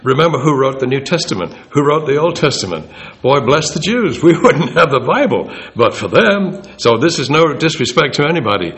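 A man giving an informal Bible talk, conversational and animated, acting out the quoted speech. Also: a little high, brisk. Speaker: Bible teacher.

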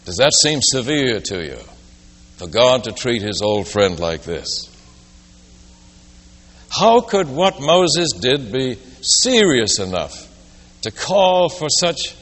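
A man's voice: mid-range voice, fairly bright tone. A man preaching a sermon, telling a story and posing rhetorical questions. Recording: long reverb of a large hall.

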